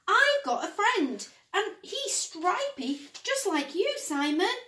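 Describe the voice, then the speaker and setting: A woman's voice: extremely high pitch, big pitch swings, takes it slowly, bright, forceful tone, pitched above the performer's own voice, heavily acted. A woman voicing an eager, cheerful male friend in a storybook, bouncy and full of ideas. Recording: roomy, distant mic.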